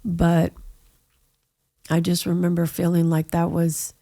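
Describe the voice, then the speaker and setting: Gravelly, flat-voiced woman telling her testimony. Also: fairly low pitch, takes it slowly. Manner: storytelling, with frequent "you know" asides. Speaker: guest sharing her testimony. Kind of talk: conversational personal testimony.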